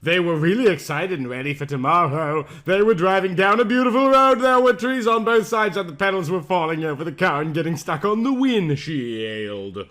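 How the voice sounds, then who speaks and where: A man's voice: sits high, expressive, moderate pace, few pauses, fairly bright tone. A young man, a podcast host, giving a tired, mock-dramatic comic reading of fan fiction.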